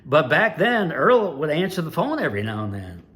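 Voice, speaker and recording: A man in his sixties from Ohio, an animated storyteller recalling his years as a race announcer. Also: a little high, moderate pace. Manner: animated, lively storyteller with big swings in loudness. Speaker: retired dirt track race announcer, channel host.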